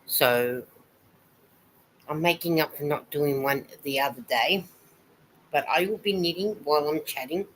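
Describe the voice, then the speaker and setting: Woman with a deep-set voice for a casual live stream; chatty, rambling, greets viewers by name while she knits. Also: a little slow, pauses often, fairly bright tone, slight background noise, poor audio. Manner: chatty and rambling, greeting viewers and reading their comments aloud. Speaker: knitting vlogger hosting a live stream.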